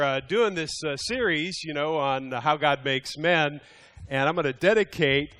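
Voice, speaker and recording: A middle-aged man giving a lively teaching talk to a men's group in a meeting room, reading emails aloud with mock indignation. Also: fairly high pitch, clear, resonant tone. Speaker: Bible study teacher. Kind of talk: live sermon to a men's group.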